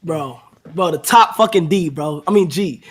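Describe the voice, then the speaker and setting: A man's voice: fairly high pitch, lively intonation, normal speed. A man chatting casually on a stream, loose and profane, peppering his talk with "bro".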